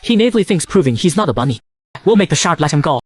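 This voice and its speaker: A man narrates a comic recap at a rapid clip, his voice sitting a bit high. The storytelling is brisk and keeps pushing forward. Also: very animated, darkish tone, husky.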